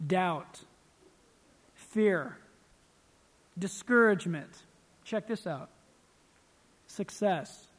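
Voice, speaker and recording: High-voiced pastor preaching in a hall. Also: male voice, a little slow, long pauses. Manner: animated, acts out scenes. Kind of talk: sermon.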